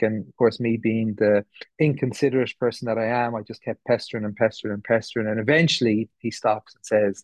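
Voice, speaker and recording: A man's voice: mid-range voice, steady tone, a little fast, darkish tone, no room sound, lo-fi sound. Candid Irish man telling his story. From west of Ireland. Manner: candid, rambling, many fillers and restarts. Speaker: speaker sharing recovery story. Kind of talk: personal testimony talk. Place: meeting room.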